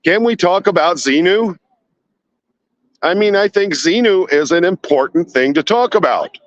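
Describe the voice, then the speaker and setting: A man's voice: high-pitched, animated, a little slow, dry recording, highs cut off. A man live-streaming outdoors at night from a handheld phone, sweating as he reads chat and fires off indignant rhetorical questions.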